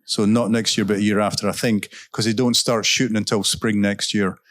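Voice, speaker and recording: A man, an author guest at a literary festival, telling anecdotes onstage and answering audience questions in a relaxed, chatty way with frequent ums and self-corrections. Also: fairly low pitch, brisk, dry recording. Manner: laughs while telling stories. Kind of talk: casual onstage storytelling and Q&A. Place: stage at a live event.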